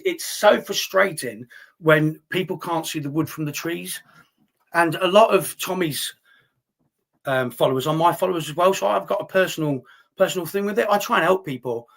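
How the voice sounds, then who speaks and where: This livestream host has a slightly high, gravelly voice with a bit of brightness, speaking at a moderate pace. He reads through viewer chat and fires back with indignant, heated replies full of swearing.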